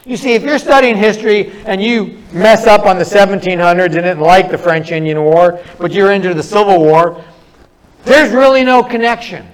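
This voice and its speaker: A middle-aged man preaching a sermon, telling stories earnestly and pausing between phrases. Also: high-pitched, smooth, low-quality recording. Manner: earnest storytelling with pauses.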